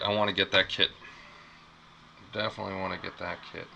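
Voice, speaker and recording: Gravelly low-voiced man chatting on a stream. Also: flat delivery, brisk, pushed and bright, dull audio. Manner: rambling, repeats himself, reacts to chat. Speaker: live stream host. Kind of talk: casual live unboxing chat. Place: small apartment room. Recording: clear background noise.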